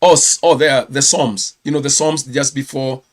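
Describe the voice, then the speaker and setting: A man's voice: medium pitch, fairly even intonation, moderate pace. A Kenyan man, a pastor, giving a chatty live-streamed news round-up and correcting himself as he goes. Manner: chatty, self-correcting, reads viewer comments.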